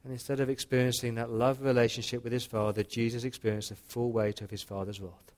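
A man preaching a sermon in a church, earnest, slowing into quiet dramatic pauses. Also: mid-range voice, flat delivery. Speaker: pastor.

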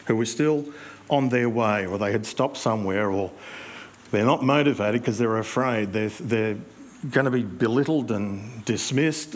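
A male pastor, preaching in a conversational storytelling way with reflective pauses. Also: medium pitch. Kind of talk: sermon.

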